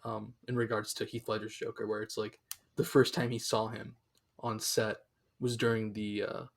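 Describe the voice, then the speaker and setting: A man's voice: lowish voice, flat delivery, normal speed, vocal fry. A young man co-hosting a podcast in casual chat, rambling with lots of fillers and restarts. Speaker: podcast co-host.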